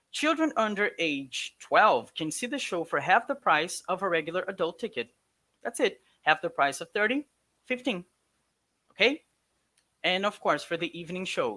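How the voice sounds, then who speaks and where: A man teaching English, walking a class through test answers in an emphatic, coaxing way. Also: sits high. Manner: lively, emphatic, coaxing students along.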